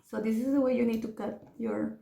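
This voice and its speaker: A woman's voice: on the high side, steady tone, a little fast, gravelly, roomy sound, background noise. A woman, chatting her way through a home cooking tutorial with rambling asides and restarts. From Peru. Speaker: home cook vlogger. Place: home kitchen.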